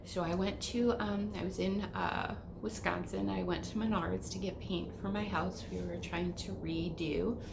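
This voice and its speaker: A middle-aged woman giving a casual spiritual talk, telling stories with animated swings between whispers and exclamations and swearing casually. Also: on the low side, moderate pace, vocal fry, few pauses, noisy background. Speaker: spiritual teacher. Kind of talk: casual spiritual teaching monologue.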